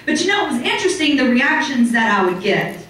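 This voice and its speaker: High-voiced woman giving an animated motivational talk. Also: quick pace. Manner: animated, acts out other people's reactions. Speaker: motivational speaker. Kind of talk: motivational talk to a live audience. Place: hotel conference room. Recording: very echoey hall from far off.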